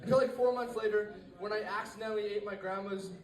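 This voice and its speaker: With a high, steady-toned voice, a teenage man delivers a rapid, rambling stand-up routine to a live crowd, restarting often and leaning on fillers. The room echoes and the microphone is placed far from him.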